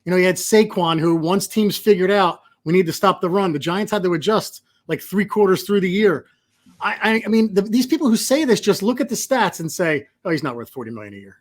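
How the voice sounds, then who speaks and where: A man's voice: high-pitched, a little fast. A man who is a guest on a sports podcast, arguing heatedly and asking rhetorical questions. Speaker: podcast guest, team insider. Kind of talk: casual sports podcast chat.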